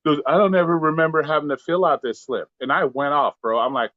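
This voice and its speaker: A man's voice: on the high side, fast, dry recording, narrow, tinny audio. A man, a delivery driver, telling a heated, profane story in casual talk and acting out the lines of the people in it. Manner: profane, heated, acts out quotes. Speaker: pizza delivery driver guest.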